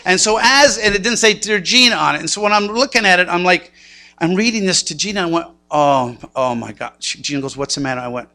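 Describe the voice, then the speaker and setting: A man's voice: high voice, lively intonation, quick pace, sharp tone. A man in his sixties preaching a sermon, telling a personal story with self-mocking humor and acted-out inner thoughts. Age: 60s. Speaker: pastor.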